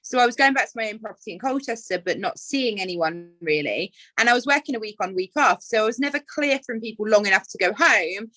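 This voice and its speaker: A woman's voice: mid-range voice, expressive, quick pace, hardly any pauses, pushed and bright, no room sound, low-quality recording. A young woman, a podcast guest, talking in a chatty, open way about her life. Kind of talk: casual chat.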